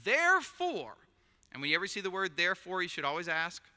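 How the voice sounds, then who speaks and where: Lively preaching man in an echoing hall. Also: high-pitched, brisk. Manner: conversational, joking, keeps asking "right?". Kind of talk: sermon. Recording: long hall reverb.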